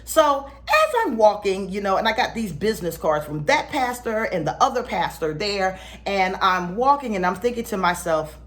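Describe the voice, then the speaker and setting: Animated woman telling a story. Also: mid-range voice, moderate pace, hardly any pauses. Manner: animated, laughs often, acts out dialogue. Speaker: spiritual teacher. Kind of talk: casual storytelling to camera.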